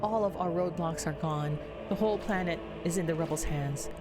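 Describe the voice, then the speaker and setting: A woman voicing a gruff, loyal male sergeant in a put-on Southern accent, earnest and deferential, over game music. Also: fairly low pitch, normal speed, close to an everyday voice. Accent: put-on American Southern. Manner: earnest, deferential, plain-spoken.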